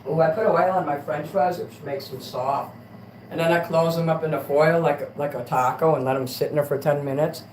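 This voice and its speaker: A man's voice: fairly high pitch, steady tone, brisk, rough recording. Crude livestream host, male, rambling delivery, faint hiss under the voice. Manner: rambling, crude, swings between mutters and loud rants. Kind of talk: casual late-night livestream chat.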